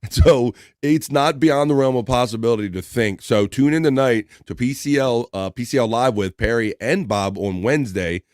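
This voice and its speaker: A man's voice: mid-range voice, moderate pace, hardly any pauses, a little mellow, no echo. A man in the middle of his range hosts a live stream, rambling easily and chuckling between thoughts. His voice sits close and dry, with no room around it. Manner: rambling and laid-back, lots of fillers and chuckles. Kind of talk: casual chat.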